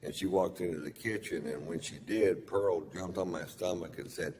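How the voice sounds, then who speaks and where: A middle-aged man, doing a stand-up set with drawling, deadpan storytelling and crude punchlines. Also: sits low, normal speed. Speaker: stand-up comedian. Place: large theater stage with audience laughter. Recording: live hall recording with long reverb and audience noise.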